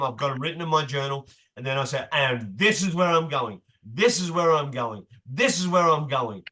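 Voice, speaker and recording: Man, slightly high voice, bright tone, emphatic motivational coaching, casual swearing. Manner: emphatic, repeats key phrases, swears casually. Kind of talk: motivational group session.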